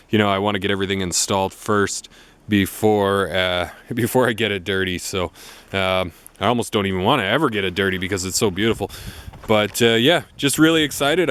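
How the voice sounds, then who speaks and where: A man's voice: fairly low pitch, fairly bright tone, clean tone. A Canadian man talking about his vehicle in a casual vlog. He sounds enthusiastic and fills his talk with uh and um. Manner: enthusiastic, with frequent fillers. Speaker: vlogger. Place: beside an off-road vehicle.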